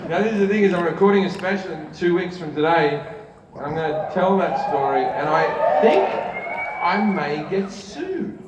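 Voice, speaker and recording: A man in his forties with an Australian accent, doing stand-up storytelling in a big indoor arena, profane and self-mocking, laughing through his punchlines. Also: high voice. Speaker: stand-up comedian. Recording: echoey arena PA, distant, noisy.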